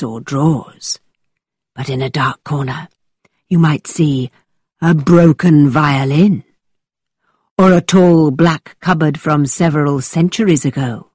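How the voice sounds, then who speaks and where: A woman voicing a playful young gentleman who tells a tale in a low, dramatic voice to tease a listener. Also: slightly rough, no echo, studio quality, heavily acted.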